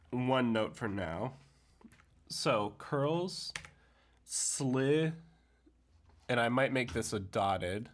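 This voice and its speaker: A man walks through setting a poem to music in a tutorial, thinking aloud. His voice sits low, and he talks slowly, pausing often with fillers and speaking words out in rhythm. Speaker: music composition teacher.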